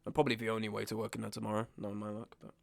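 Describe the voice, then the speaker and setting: A man's voice: fairly low pitch, completely flat delivery, rapid-fire, vocal fry. A man in his twenties chatting casually on a live stream, exasperated, ranting and often repeating himself. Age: 20s. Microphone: webcam setup at home.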